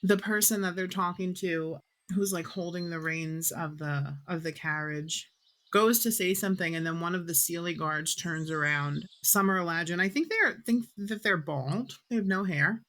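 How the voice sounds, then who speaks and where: Woman game master, rambling tabletop narration, lowish voice. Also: moderate pace, fairly bright tone. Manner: rambling, filler-heavy narration.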